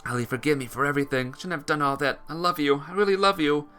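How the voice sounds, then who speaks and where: A man's voice: a little high, fairly even intonation, quick pace, sharp tone, soft background music. A man voicing a guilt-stricken young man, speaking in a pleading, tender way. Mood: desperate.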